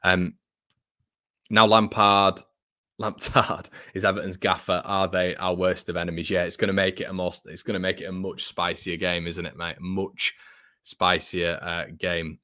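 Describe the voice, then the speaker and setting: A man's voice: low voice, level tone, moderate pace, sharp tone, dry recording, studio quality. A young man hosting a casual live stream, reading out comments and chatting with fillers and restarts. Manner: chatty, frequent restarts and fillers, says mate a lot. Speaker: fan channel host reading live chat.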